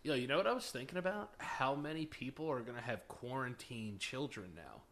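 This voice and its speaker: Young man, podcast co-host, mid pitch, blunt teasing crude banter. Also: lively intonation, a little fast, fairly bright tone.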